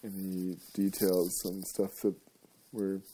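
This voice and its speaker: A man's voice: low-pitched, level tone, slow pace, warm tone, slightly rough. A male radio host talking in a casual, rambling monologue, wandering off topic and chuckling often.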